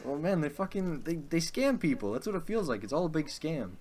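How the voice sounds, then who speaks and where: A man's voice: fairly high pitch, big pitch swings, brisk, a little mellow. A young man co-hosting a casual podcast chat. He rambles, hesitates and swears often. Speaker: podcast co-host.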